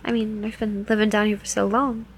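A woman's voice: medium pitch, little pitch movement, fairly quick, a little hiss or hum, close to an everyday voice, low-quality recording. A woman playing a teasing New Jersey club dancer. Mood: startled, awkward. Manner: playful, teasing, coaxing. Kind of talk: first-person audio role-play.

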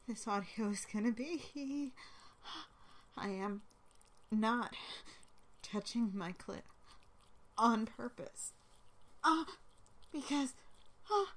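Slow, breathy high-voiced young woman. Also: sharp tone. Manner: breathy, drawn-out, slips into whispers. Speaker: amateur adult audio creator. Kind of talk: intimate self-recorded adult audio.

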